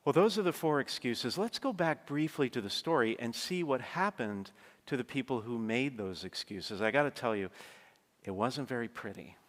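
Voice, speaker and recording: A man's voice: medium pitch, expressive, moderate pace. A man giving a conversational sermon, telling stories and often checking in with his listeners with asides. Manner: conversational storytelling, frequent asides to the congregation. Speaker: preacher. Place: large church. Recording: long church reverb.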